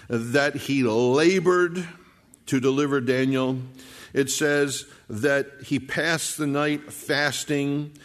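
A man preaching a sermon, retelling a scripture story and acting out the characters' lines in his own voice. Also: fairly high pitch. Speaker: pastor.

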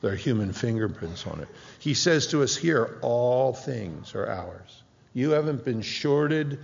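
A man's voice: mid-range voice, gravelly. A middle-aged man preaching a sermon as pastor, emphatic, repeating phrases and restarting sentences. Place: church hall. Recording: dull sound with long hall reverb.

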